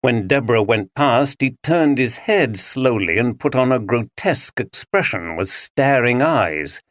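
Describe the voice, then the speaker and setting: A man's voice: medium pitch, lively intonation, unhurried, hardly any pauses, a bit bright, no echo, clean studio sound. Man narrating a mystery audiobook.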